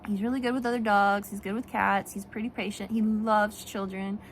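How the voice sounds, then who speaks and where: A woman talking casually in a vlog, animated and rambling, with frequent restarts and laughs. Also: mid-range voice, a little fast, a little hiss or hum. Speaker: vlogger and children's book author. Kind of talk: casual talk to camera.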